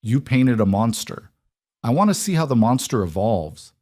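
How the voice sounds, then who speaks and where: A man doing a calm, commanding CEO. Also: dry recording, clean studio sound. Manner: low, controlled and unhurried. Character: commanding male CEO alpha, calm and possessive.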